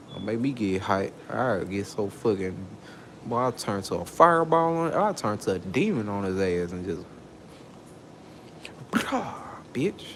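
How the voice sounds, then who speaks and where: A man with a low-set voice vents straight to camera in a heated monologue. He swears freely, and his voice leaps up sharply when he gets worked up. A faint background hum sits under his talk. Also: creaky, a bit bright. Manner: angry ranting, swearing, voice leaping up when worked up. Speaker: vlogger.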